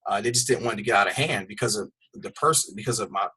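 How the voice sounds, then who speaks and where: A man's voice: fairly low pitch, very fast, bright, forceful tone, breathy edge. A middle-aged man, a fitness trainer, telling a personal story in a candid, conversational way on a call. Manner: candid, conversational, repeats words and uses "man".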